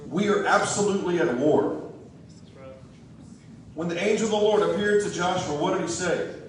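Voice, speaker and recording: A man's voice: high-pitched, normal speed, slight background noise. A man giving a folksy, joking, rousing campaign speech to a crowd in a church hall. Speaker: political candidate. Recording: echoey hall, distant mic.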